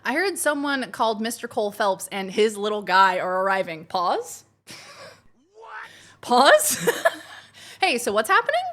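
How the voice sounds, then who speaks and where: A woman's voice: a little high, sing-song, a little slow, long pauses, fairly bright tone. A woman streamer chatting casually and bubbly with her live chat from home while planning her week. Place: home, kitchen.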